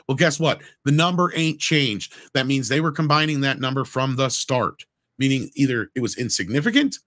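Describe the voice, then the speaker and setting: A man hosts a casual live stream and talks through box office numbers with emphatic, argumentative energy. His voice sits at a middle pitch. The sound is dry and close, with little room around it. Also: fairly bright tone, no room sound. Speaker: podcast host reading superchats.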